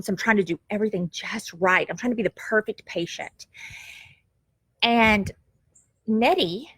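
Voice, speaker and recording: A middle-aged woman telling a family story on camera at home, lively and quick to laugh, with homespun phrasing. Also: mid-range voice, no echo. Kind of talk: casual storytelling. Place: at home, goats nearby.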